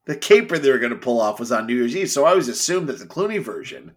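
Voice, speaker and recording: A man co-hosting a podcast in casual chat, telling animated stories, laughing often and mimicking people's voices. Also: medium pitch, quick pace. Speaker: podcast co-host.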